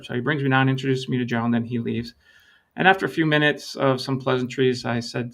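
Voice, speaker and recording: A man's voice: medium pitch, steady tone, gravelly, fairly bright tone. A middle-aged man, a lean consultant, explaining his approach in an interview and telling stories with quoted dialogue. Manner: measured, storytelling with quoted dialogue.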